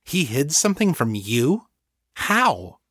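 A man voicing a friendly, guilt-ridden young woman with psychic powers, speaking softly and earnestly. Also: medium pitch, normal speed, no echo, clean studio sound, natural voice. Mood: shocked. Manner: soft, earnest.

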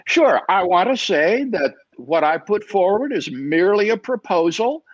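A man being interviewed as a guest author over a video call, answering in a measured, deliberate way with frequent "uh" fillers. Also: sits high, sing-song, no echo. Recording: dull, dry video-call audio.

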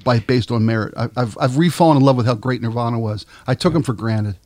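A man's voice: mid-range voice, fairly even intonation, quick pace, darkish tone, no echo. Rambling Baltimore man, joking. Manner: rambling, joking, playfully opinionated. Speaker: co-host. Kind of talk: casual podcast chat.

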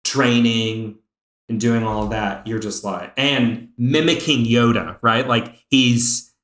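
Excitable man chatting, roomy sound. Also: mid-range voice. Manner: excited fan, speeds up and slows down. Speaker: podcast co-host. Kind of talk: casual chat. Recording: roomy echo.

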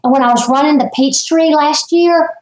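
High-pitched woman in her fifties, emphatic and animated guest, roomy echo around her voice on the line. She tells stories with lively emphasis and speaks in a high voice. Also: normal speed. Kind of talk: casual interview chat.

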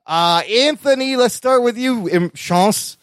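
A man with a high voice hosts a podcast with an easy, joking manner and laughs often. The sound is dry and close. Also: slow pace, a bit bright, no echo. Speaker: podcast host. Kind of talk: casual chat.

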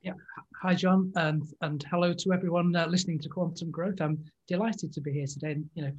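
Brief: English man, 60s, interview guest, slightly higher pitch, husky, polite and friendly. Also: steady tone, brisk, a little mellow, dull audio. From England. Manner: polite, friendly, stammers on starts. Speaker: podcast guest. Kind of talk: casual interview chat.

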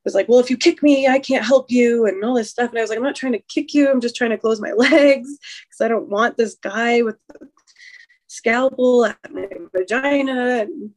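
A woman's voice: a little high, moderate pace. A young adult woman telling a personal birth story in an interview, rambling and restarting, full of fillers and emotion. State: emotional, recounting trauma. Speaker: guest sharing a birth story.

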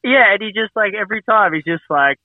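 A man's voice: sits high, expressive, fast talker, dry recording. A man talking as a guest in casual chat, rambling and laughing, heard over a tinny phone-like line. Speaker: podcast guest.

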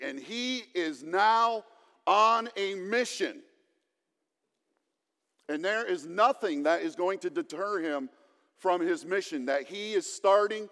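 A male pastor preaching a sermon in a plain, conversational way, with touches of humor. His voice sits high for a man, and he takes his time. The church hall around him adds a long, lingering reverb. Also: fairly bright tone.

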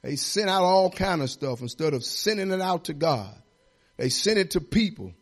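High-pitched, lively preaching man. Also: normal speed. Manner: folksy, repetitive exhortation with swelling emphasis. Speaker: pastor. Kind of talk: preaching a sermon.

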